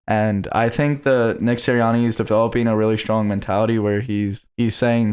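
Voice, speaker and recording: A young man co-hosting a podcast, talking fast and animated in casual sports chat, with a slight case of hiccups. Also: fairly low pitch, clear, resonant tone. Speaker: podcast co-host.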